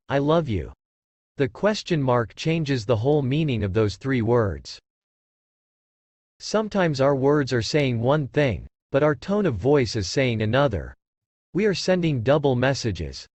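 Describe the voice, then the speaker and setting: Calm man reading a book summary. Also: medium pitch, no echo. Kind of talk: scripted narration of a book summary.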